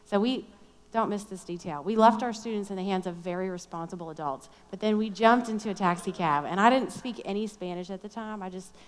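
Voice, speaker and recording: A woman's voice: mid-range voice, fairly quick, slight background noise. Chatty woman storyteller in a reverberant hall. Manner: chatty, self-deprecating, lively storytelling. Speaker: speaker at a Christian conference. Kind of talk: storytelling sermon talk.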